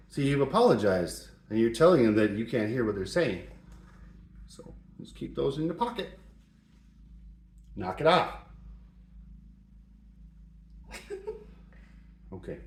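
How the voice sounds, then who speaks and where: A man's voice: medium pitch, big pitch swings, a little slow, long pauses. A middle-aged man hosting a joking advice talk, playful and mock-serious, in a home shop. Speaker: host. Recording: roomy echo.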